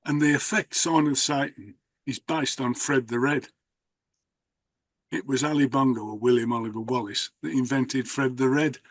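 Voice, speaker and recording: Brief: male host, mid pitch, anecdotal and rambling, dry close mic. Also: steady tone, normal speed, no echo. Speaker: host, magician. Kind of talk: casual conversation.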